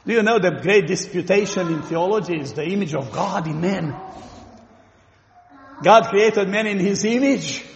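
A Romanian-accented man delivers an earnest sermon, often turning questions to the congregation and pausing with fillers. His voice sits high for a man. The recording is from a church hall with strong room echo and a long, trailing reverb. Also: dull audio, a little hiss or hum. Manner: earnest, asks the listeners questions, pauses with fillers. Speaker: preacher.

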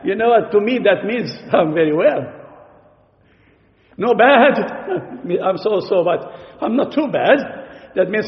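Slow-talking preacher man in an echoey hall. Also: high-pitched. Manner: slow, explanatory, with rhetorical questions. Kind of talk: sermon. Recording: echoey hall, dull lo-fi sound.

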